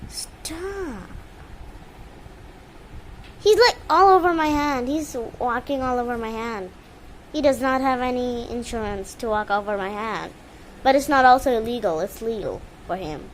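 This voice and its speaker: A woman's fairly high voice comes through unhurried as she films her pet bird at home on a handheld phone, cooing at it and scolding it in baby talk. It's a casual vlog shot indoors with a fan on. The recording is rough, with a little hiss or hum.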